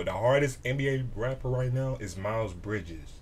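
A man hosting a reaction video, excitable and animated, swearing freely as he comments. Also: mid-range voice, normal speed, few pauses, slightly rough.

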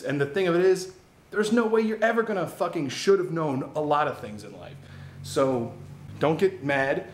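A gaming YouTuber talks casually and candidly to camera in a rambling vlog, swearing now and then. His voice is a little high with lively intonation at a moderate pace, and the sound is roomy.

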